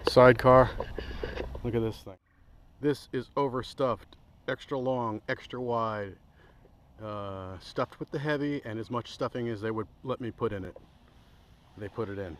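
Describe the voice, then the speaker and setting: Rambling, excitable man showing off camping gear. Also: medium pitch, normal speed, a little hiss or hum, poor audio. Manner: enthusiastic, rambling, self-interrupting. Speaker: outdoor gear reviewer. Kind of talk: casual gear demo vlog. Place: outdoors by a hammock among trees.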